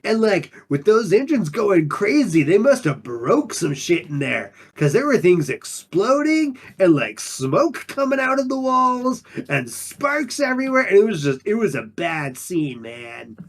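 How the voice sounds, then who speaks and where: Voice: medium pitch, big pitch swings, measured pace, few pauses. A performer playing a laid-back undine monk who talks in drawling surfer slang, in an improvised in-character interview. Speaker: player character.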